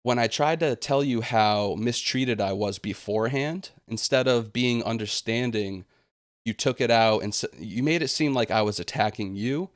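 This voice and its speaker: A man's voice: mid-range voice, normal speed, dry recording, clean studio sound. A young man venting in a vlog monologue, aggrieved and indignant, slipping into sarcastic mocking quotes. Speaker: gaming channel host.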